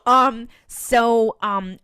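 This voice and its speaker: A woman's voice: a little high, extremely slow, clear, resonant tone, no echo. Chatty woman retelling a show, dry sound. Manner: animated retelling, quoting characters, frequent laughs and ums. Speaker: podcast co-host. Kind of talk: casual recap chat.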